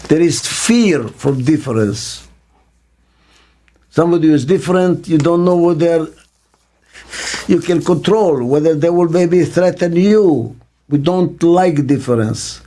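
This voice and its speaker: An older man, a business consultant giving a reflective interview, speaks emphatically and deliberately, repeating key phrases and posing rhetorical questions. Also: on the high side, dark tone.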